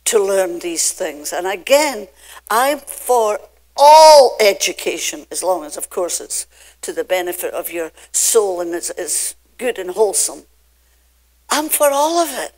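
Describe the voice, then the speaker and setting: Slow-preaching older Scottish woman pastor. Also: mid-range voice. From Scotland. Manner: emphatic, drawn-out preaching with sudden swings between loud and soft. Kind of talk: sermon. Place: church pulpit.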